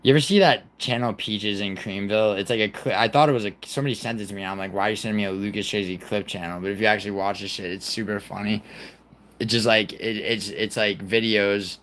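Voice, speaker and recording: A man's voice: on the low side, fast, fairly bright tone. A man in his twenties hosting a livestream, rambling casually and profanely while he answers his chat and apologizes to moderators. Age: 20s. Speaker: livestream host.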